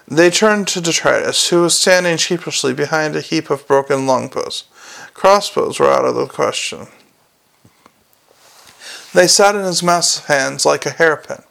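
Creaky-voiced man narrating an audiobook. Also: fairly high pitch, fairly bright tone.

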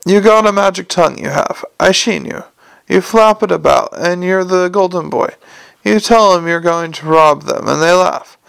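A man's voice: sits high, moderate pace, vocal fry, fairly bright tone, smooth, no echo, low-quality recording. Man doing a sneering, spitting street thug. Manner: sneering, mocking, lisping slightly. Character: menacing lowlife male crook, spitting with rage.

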